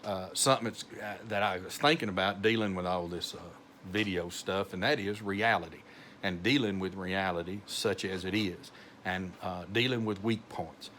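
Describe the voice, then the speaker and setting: A middle-aged pastor with a heavy North Texas accent talks slowly in a fairly low voice. He rambles, full of "uh"s and restarts, in a homely devotional message. A faint hiss of room noise sits under his voice. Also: a bit bright. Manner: slow, rambling, many fillers and restarts. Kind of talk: informal devotional talk.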